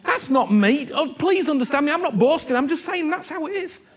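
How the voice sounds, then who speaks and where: A man preaching a sermon, earnest and animated, repeating himself and often asking whether he is understood. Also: very high-pitched, fairly quick.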